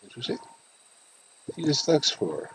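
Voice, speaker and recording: A man's voice: on the high side, sing-song, moderate pace, slight background noise, low-quality recording. A man playing a story game, reading every character's lines himself between his own comments. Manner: voices all the game characters himself, shifting between them. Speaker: game streamer. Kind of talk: reading game dialogue aloud while playing.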